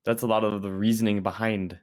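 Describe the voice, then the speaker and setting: A man's voice: fairly low pitch, level tone, quick pace, a little mellow. A young man, still in school, chatting on a podcast, hesitant and often restarting his sentences. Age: young adult. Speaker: podcast co-host. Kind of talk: casual chat.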